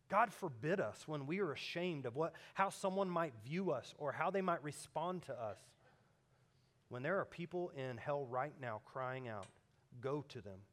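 A man preaching a sermon, animated in his stories and turning hushed and earnest when he appeals to his listeners. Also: on the high side. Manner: animated storytelling, swings between loud emphatic peaks and hushed earnest appeals. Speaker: pastor.

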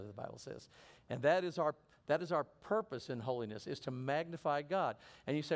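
A man's voice: on the high side, brisk. A middle-aged man preaching a sermon in an earnest way, often restarting and repeating phrases. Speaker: pastor.

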